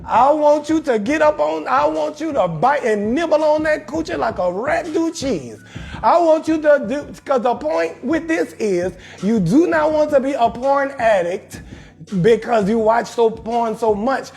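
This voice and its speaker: A young adult male comedian hosting a live talk show, riffing loudly with crude advice and calling out viewers in his chat. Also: extremely high pitch, animated, measured pace, vocal fry. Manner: loud, brash, riffing, shouting out viewers in chat. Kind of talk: profane comedic advice monologue on a livestream.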